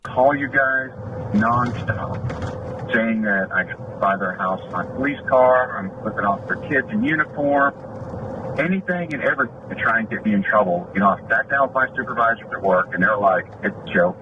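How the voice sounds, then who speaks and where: Recorded in a vehicle, an off-duty deputy with a mid-range voice speaks at a moderate pace, retelling a dispute in an aggrieved way. It's a personal account of his complaint, captured in muffled, noisy video audio.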